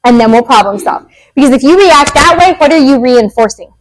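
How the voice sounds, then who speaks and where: A woman in her thirties, a behavior analyst, giving a casual, animated workshop talk to parents in a meeting room and acting out quoted lines. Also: high voice, fairly quick, low-quality recording. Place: meeting room with a live audience.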